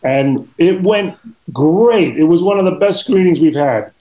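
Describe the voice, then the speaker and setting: A man guesting on a podcast, with a voice pitched a bit higher than most men. He talks conversationally and tells stories in a relaxed interview. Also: unhurried, poor audio. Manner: conversational, storytelling. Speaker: guest, actor and director.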